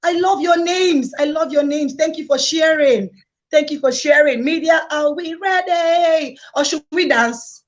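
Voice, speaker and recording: A woman hosts a live-streamed conference with exuberant energy, hyping the crowd and repeating phrases. Her high voice is unhurried, and the recording has a dull, lo-fi sound.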